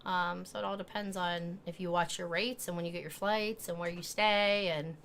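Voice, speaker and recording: A middle-aged American woman co-hosting a live stream, chatting in a lively way and laughing often. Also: lowish voice, moderate pace. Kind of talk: casual chat.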